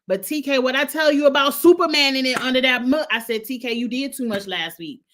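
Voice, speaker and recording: Brief: talkative female show reviewer, casual chat, animated and laughing, fairly high voice. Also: brisk, few pauses. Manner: chatty, animated, laughs often.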